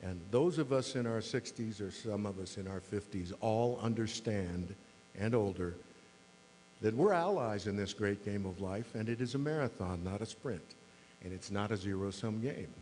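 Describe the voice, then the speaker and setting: A man's voice: on the low side, expressive, normal speed, darkish tone. Wry older man in echoey hall. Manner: wry, self-deprecating storyteller. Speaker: mayor giving a club talk. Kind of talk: humorous anecdotal speech. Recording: reverberant hall with faint mains hum.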